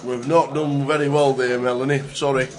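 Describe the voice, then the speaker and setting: A man co-hosting a live stream in a playful, jokey way. His voice is mid-pitched, and his talk is loose, casual banter. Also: little pitch movement, normal speed. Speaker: co-commentator.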